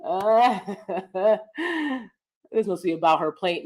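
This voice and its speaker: A woman's voice: mid-range voice, animated, slow pace, pauses often. An American woman with a regional accent that slips in and out of neutral speech, giving emphatic opinion commentary to her viewers. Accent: American regional accent mixed with neutral speech. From United States. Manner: emphatic, lecturing, repeats points with "okay?". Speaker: commentary vlogger.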